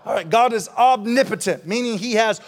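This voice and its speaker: Man, pastor, high voice, sermon, call-and-response, church service. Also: normal speed. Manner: call-and-response preaching, fervent prayer.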